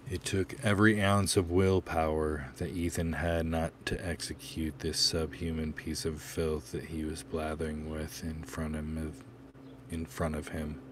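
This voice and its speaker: Low, slow male narrator for a gritty audiobook; measured, even delivery. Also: noisy background.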